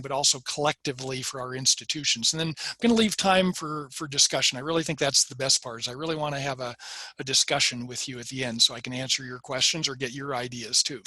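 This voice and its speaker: Man, from Nebraska, friendly video-call presentation, slightly high pitch, very dry recording. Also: pushed and bright, no echo. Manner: friendly, self-deprecating, guiding listeners through breathing. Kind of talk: webinar presentation. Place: home or office on a video call.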